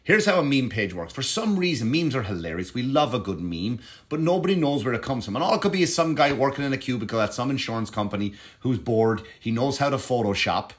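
A man in the middle of a loose, rambling monologue to camera, swearing freely and circling back on himself. He talks like a stand-up comedian telling his side of a story, with plenty of restarts and asides. His voice sits at an ordinary middle pitch. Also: sing-song, fast talker, hardly any pauses. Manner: profane, digressive, frequent restarts.

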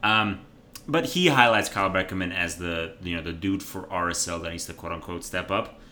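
A man's voice: low-pitched, a little fast, sharp tone, slight background noise. A man co-hosting a casual sports podcast, laid-back and wry, often backing up his co-host.

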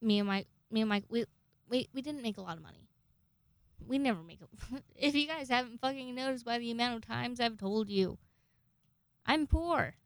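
A woman's voice: fairly high pitch, expressive, moderate pace, no echo. A young woman in her twenties, telling a story in a casual vlog, chatty, swearing a lot and restarting her sentences.

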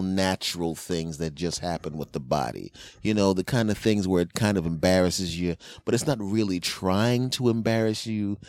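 A man hosting a podcast, telling rambling, animated comic stories with crude jokes into a close microphone. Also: low-pitched, dry recording. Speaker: podcast host. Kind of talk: comedic monologue.

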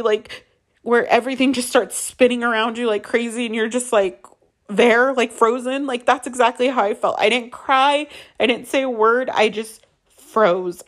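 Woman, somewhat high voice, candid emotional personal storytelling, casual and profane. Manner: raw, casual, frequent "like" and swearing. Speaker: storyteller recounting her own experience.

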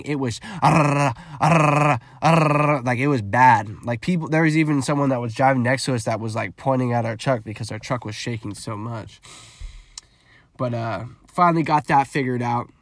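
A man's voice: mid-range voice, no echo. Profane, rambling man telling a story. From California. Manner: rambling, profane, animated retelling with quoted dialogue. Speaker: vlogger. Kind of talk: casual storytelling.

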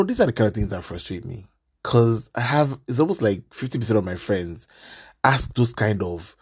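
A man, hosting a casual podcast and ranting in an animated, exasperated way. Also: medium pitch, slightly rough.

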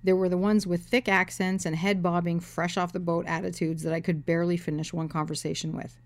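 A woman's voice: lowish voice, flat delivery, a little fast. A woman in her thirties, an author, telling her own story with dry humor and reading from her novel. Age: 30s.

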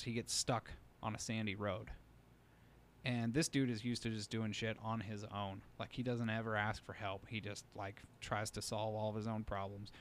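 A man's voice: fairly low pitch, slight background noise. A man co-hosting a podcast in a studio, telling a long story in casual chat full of fillers. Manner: rambling storyteller, many fillers. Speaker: podcast co-host.

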